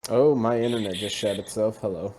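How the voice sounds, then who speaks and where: A man's voice: fairly low pitch, steady tone, crowd noise. A man chatting casually over a voice call before a tabletop game, joking around. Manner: joking, quick to put on silly accents. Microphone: home setup over a voice call.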